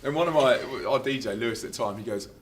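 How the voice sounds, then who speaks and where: A man, a touring Christian musician, telling stories in a casual interview, laughing and acting out quotes loudly. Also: medium pitch, quick pace, a loud crowd. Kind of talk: casual anecdotal storytelling.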